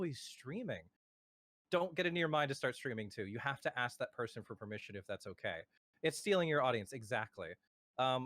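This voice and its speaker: A man's voice: medium pitch, a bit bright, no echo. A man streamer telling anecdotes on a casual podcast, with firm warnings and hesitant fillers, over a remote voice call.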